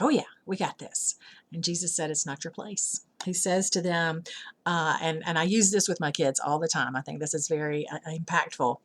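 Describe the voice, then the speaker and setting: Middle-aged woman, fairly low voice, relaxed self-deprecating church teacher. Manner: chatty, self-deprecating, many ums. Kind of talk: informal devotional talk.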